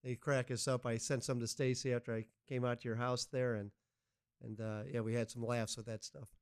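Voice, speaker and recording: Male podcast co-host, mid-range pitch, relaxed questions. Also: a little fast, smooth, no room sound, studio quality. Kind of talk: casual podcast chat.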